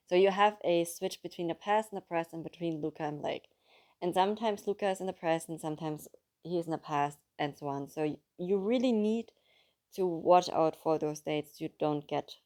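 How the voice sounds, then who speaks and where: A woman's voice: on the low side, darkish tone. A woman with a German accent, a native German speaker, chatting casually about a book and reading from it aloud, in a chatty, apologetic way. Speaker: book reader.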